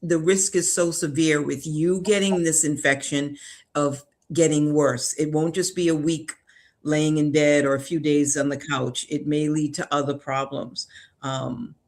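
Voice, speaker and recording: Male health guest, earnest and practical, a bit higher-pitched. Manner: earnest advice, light laughs. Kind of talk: casual health discussion.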